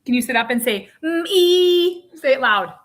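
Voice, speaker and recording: A woman's voice: on the high side, fast talker, background noise. A woman in her forties vlogging at home, talking to her young son in a playful, teasing, sing-song way. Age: 40s. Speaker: mother vlogging. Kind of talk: casual home vlog.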